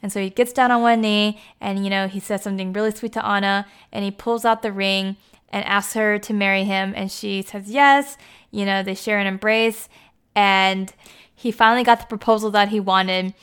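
A woman's voice: mid-range voice, steady tone, normal speed, fairly bright tone, clear, resonant tone. A woman giving a casual, chatty recap, with lots of "like" and "you know" as she talks.

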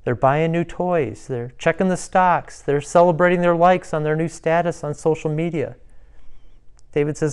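A man's voice: a little high, fairly even intonation, normal speed, clean tone. A man preaching a devotional sermon, retelling a psalm with rising passion. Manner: impassioned, rising loud when voicing David's prayers.

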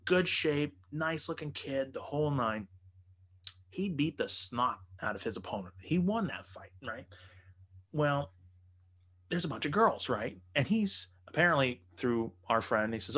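A man's voice: medium pitch, moderate pace. A man casually telling a long story, swearing a lot and acting out the other people in it with raised voices. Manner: profane, animated, acts out quotes in raised voices.

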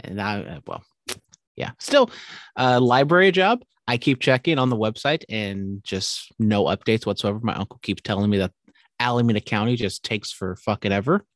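A man's voice: on the low side, normal speed, dry recording, clean studio sound. A young man from California co-hosting a casual podcast, teasing his friend and swearing offhandedly. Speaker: podcast co-host.

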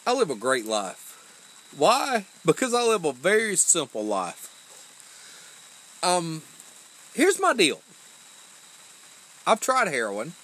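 A man's voice: a little high, huge pitch swings, slow, pauses often, a bit bright, rough recording. A man in his forties hosting a casual chat, blunt and emphatic, swearing constantly. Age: 40s. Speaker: podcast host.

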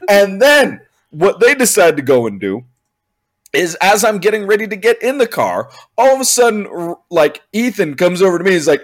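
A young man telling a long comic story in casual chat, animated and exasperated, swearing and laughing as he goes. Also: sits high, fairly quick, slight background noise.

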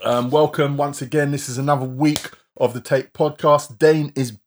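A man's voice: a little high, fairly even intonation, a little hiss or hum. Chatty man co-hosting a podcast. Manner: chatty, reads out viewer shout-outs in a quick list. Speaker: podcast co-host. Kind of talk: casual live-stream podcast chat.

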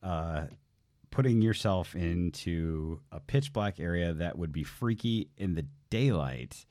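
A man interviewing casually, with a halting, stammering and easygoing way of talking. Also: low-pitched, animated, warm tone, dry recording, studio quality.

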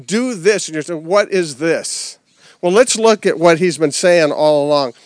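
A man's voice: fairly high pitch, normal speed, no echo, studio quality. A man preaching a conversational sermon outdoors, with rhetorical questions and repeated phrases. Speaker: pastor. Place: outdoor service.

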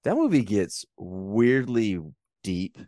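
Young male podcast co-host, low voice, dry close sound, animated movie chat, goes into silly put-on voices. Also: slow, no room sound. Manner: animated, acts out movie lines in exaggerated voices.

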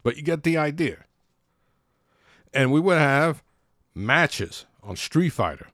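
A man's voice: fairly high pitch, very animated, slow pace, a bit bright, dry recording. Blunt ranting man, dry close sound. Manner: blunt, profane, exasperated. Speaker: podcaster. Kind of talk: ranting monologue.

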